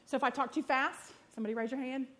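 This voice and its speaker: A woman speaking at a church event, teaching a sermon in a quick, chatty, self-deprecating way. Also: sits high, steady tone, a bit bright.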